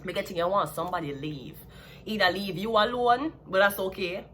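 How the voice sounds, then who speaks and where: A Jamaican woman in a casual tarot reading, talking in a blunt, sassy way with an average-pitched voice. A faint hum of ambience sits behind her. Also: fairly quick, fairly bright tone. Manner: blunt, sassy, laughs at her own jabs. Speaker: tarot reader.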